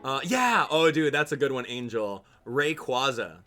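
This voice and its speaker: A young man streaming a game live and talking in a relaxed, joking way with his viewers. His pitch swings a lot as he reacts, and he breaks into laughter often. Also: moderate pace, faint music behind. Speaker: gaming streamer. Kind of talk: live gameplay stream chat.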